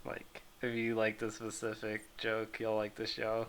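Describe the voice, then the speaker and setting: A man casually chatting as a podcast co-host, giving short, low-key replies. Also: completely flat delivery, unhurried, a bit bright, clean tone. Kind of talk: casual chat.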